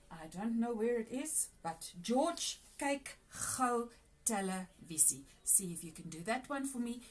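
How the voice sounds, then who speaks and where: A woman teacher giving a recorded lesson to young pupils, explaining grammar rules patiently and repeating them. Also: on the high side. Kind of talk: recorded grade 4 language lesson.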